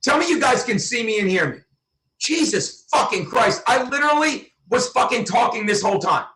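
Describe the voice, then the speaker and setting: A man hosting a livestream, ranting angrily and swearing in loud, furious outbursts from a room at home. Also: extremely high pitch, big pitch swings, moderate pace. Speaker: livestream host. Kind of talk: angry livestream rant. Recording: roomy, from a distance.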